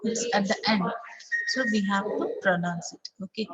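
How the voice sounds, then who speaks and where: Over a video call, a woman with an Indian English accent teaches an online English class in a medium-pitched voice at a measured pace. She repeats example sentences and often says "okay." The low-quality audio carries crowd chatter in the background.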